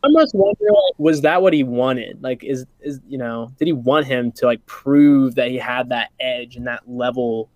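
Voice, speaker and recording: A man's voice: medium pitch, expressive, moderate pace, few pauses, a little mellow, dry recording. Agreeable man in dry close sound. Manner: agreeable, short backchannels, musing. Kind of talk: casual TV show discussion.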